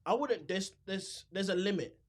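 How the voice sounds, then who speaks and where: A man, a comedian guest, talks in a rambling, animated way, laughs a lot and swears now and then. His voice sits fairly high for a man. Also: normal speed. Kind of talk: casual chat. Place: podcast studio.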